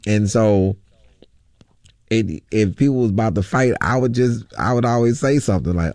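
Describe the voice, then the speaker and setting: A male comedian, a guest on an interview show, telling stories in an animated, sarcastic way. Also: lowish voice, normal speed, dry recording, clean studio sound. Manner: animated, sarcastic, laughing storytelling. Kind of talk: storytelling interview.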